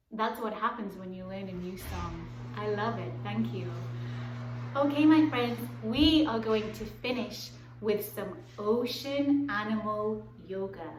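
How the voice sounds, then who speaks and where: A woman teaching a children's circle time lesson in a gentle, encouraging way, sometimes dropping to a whisper. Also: on the high side, slight background noise. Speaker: preschool teacher. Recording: roomy echoey room.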